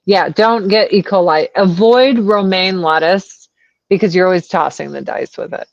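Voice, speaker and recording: A woman in her forties, a guest telling crude stories in animated, casual chat over a video call. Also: on the low side, moderate pace, creaky, dry recording. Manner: animated, crude, laughing storyteller. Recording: dull lo-fi sound.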